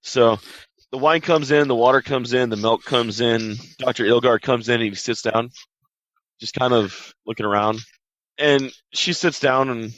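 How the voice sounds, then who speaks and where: A man running a tabletop game as game master, narrating haltingly with restarts. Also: mid-range voice, fairly bright tone, no room sound. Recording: dull, dry sound.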